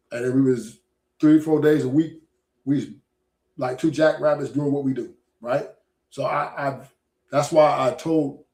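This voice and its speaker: A man's voice: a little high, mellow. A man with a slightly raised voice talks through his views in a loose, rambling way. He keeps tossing in little checks for agreement as he goes. His voice rings with a roomy echo. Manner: rambling, keeps asking "right?". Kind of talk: casual podcast talk.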